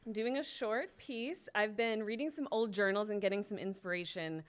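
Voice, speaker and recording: A woman's voice: medium pitch, normal speed. Woman reading a wry spoken word poem. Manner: wry storytelling, acting out quoted lines. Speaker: open mic poet. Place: indoor performance venue. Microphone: stage microphone.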